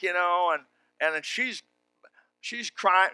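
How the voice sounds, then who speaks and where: An older preacher moves at a moderate pace from homely storytelling to shouted exhortation, his intonation fairly even and his voice smooth. It sits high and cuts with a bright, sharp edge, recorded dry and close with no room around it.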